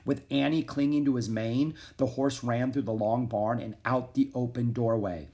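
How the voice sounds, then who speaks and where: A man narrating a children's chapter book in a steady, measured reading voice. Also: mid-range voice. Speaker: audiobook reader.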